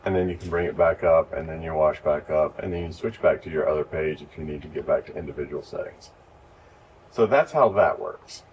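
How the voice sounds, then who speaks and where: Deep-voiced man teaching from across the room. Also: fairly quick. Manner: relaxed, explains step by step. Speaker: lighting instructor. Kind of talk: casual hands-on training. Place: church. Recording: distant mic with faint noise.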